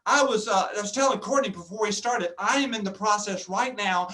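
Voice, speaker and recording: A man speaking at a luncheon, telling a funny personal story and playing every part in it. His voice sits high for a man and carries a bright, forceful edge. He turns to the room with questions as he goes. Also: fairly quick. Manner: comic, acts out dialogue, addresses audience. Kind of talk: humorous storytelling speech. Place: meeting before a live audience.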